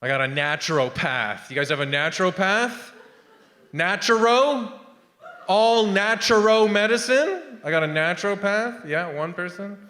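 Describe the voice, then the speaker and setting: A man in his thirties doing a stand-up set on a theatre stage. His voice is high for a man and his delivery rambles, dropping asides to the audience. The sound carries a long, reverberant hall tail. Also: brisk, hardly any pauses, pushed and bright. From Canada. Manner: rambling, with trailing asides to the crowd. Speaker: stand-up comedian.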